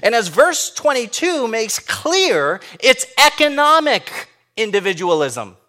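High, lively, bright-voiced preaching man. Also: slow pace. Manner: emphatic, many rhetorical questions. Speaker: pastor. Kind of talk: sermon.

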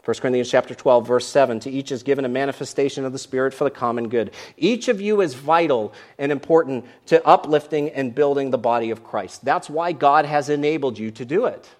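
A man's voice: mid-range voice, a little fast, few pauses. A man who is a pastor, preaching a sermon in church and acting out grumbling lines with animation.

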